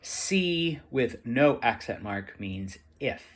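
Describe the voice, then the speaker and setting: A man teaching a Spanish lesson to students, halting with many fillers and often checking in with "okay?". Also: medium pitch, expressive, fairly bright tone. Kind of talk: classroom lesson explaining to students.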